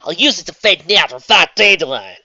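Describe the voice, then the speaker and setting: A reader voicing a brash young Southern cowgirl card duelist in a put-on Southern drawl, loud and showy. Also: mid-range voice, big pitch swings, fairly quick, no echo, highs cut off, pitched above the performer's own voice, heavily acted. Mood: mocking. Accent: put-on American Southern.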